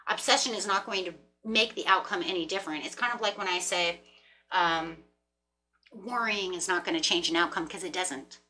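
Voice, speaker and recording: A woman giving a casual tarot reading, animated and chatty, often repeating and restarting words as she thinks aloud, with the odd casual swear. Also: fairly low pitch, normal speed, slight background noise. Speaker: tarot reader.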